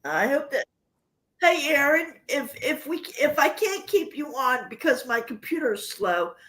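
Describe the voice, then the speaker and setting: A woman's voice: sits high, big pitch swings, a little slow, fairly bright tone. An older woman hosting a livestream, chatting casually with viewers and rambling through personal stories. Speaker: livestream host.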